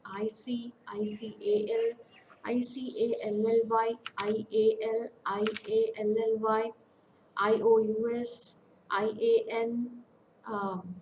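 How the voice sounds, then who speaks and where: A woman counsellor with an Indian English accent, giving a lecture on English phonetics and pausing often with fillers. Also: on the high side, darkish tone, low-quality recording. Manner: slow, deliberate, with many hesitations and fillers. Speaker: academic counsellor. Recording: faint background noise.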